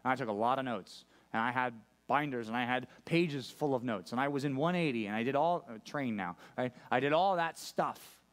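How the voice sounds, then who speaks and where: A man's voice: mid-range voice, a little fast, few pauses. A male pastor preaching a sermon to a church congregation, talking conversationally and often checking in with his listeners. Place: church service.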